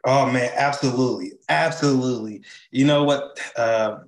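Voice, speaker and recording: A man from Chicago, a charity leader, talking as an interview guest over a video call in an animated, enthusiastic way, with many fillers and tag questions. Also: mid-range voice, normal speed, reverberant, poor audio. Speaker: charity CEO and co-founder, guest.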